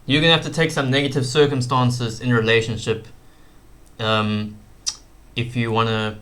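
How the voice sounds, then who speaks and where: Bright-voiced young man rambling about fights. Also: mid-range voice, level tone, normal speed. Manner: rambling, frequent fillers and slang like "bro". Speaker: YouTube commentator. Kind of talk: casual commentary.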